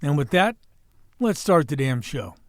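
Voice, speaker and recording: A man in his sixties hosting a podcast, delivering a folksy, wisecracking monologue with salty language and a hoarse voice. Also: fairly high pitch, very animated, unhurried, no echo, studio quality. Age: 60s. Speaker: podcast host. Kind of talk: opening monologue and casual chat.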